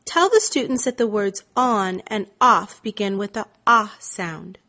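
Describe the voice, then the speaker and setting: A woman narrates a phonics lesson as a reading teacher, her delivery unhurried and measured. She sounds out vowel examples in a deliberate, stretched-out way, pitched at an ordinary middle range. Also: sharp tone. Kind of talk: scripted instructional narration.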